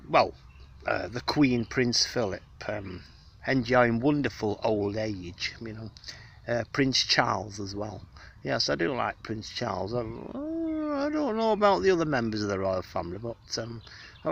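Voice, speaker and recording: A man's voice: mid-range voice, vocal fry, fairly bright tone. A man rambling in an affected, genteel way with many fillers, chatting outdoors to the person filming him. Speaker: vlogger. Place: outdoors in the countryside on a hot day.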